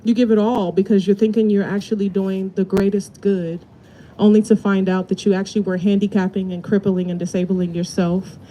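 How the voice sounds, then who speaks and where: A woman's voice: mid-range voice, little pitch movement, a little fast, dark tone. A woman giving a fiery rally speech outdoors at a protest, leading the crowd in call-and-response chants. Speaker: protest speaker. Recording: faint outdoor noise.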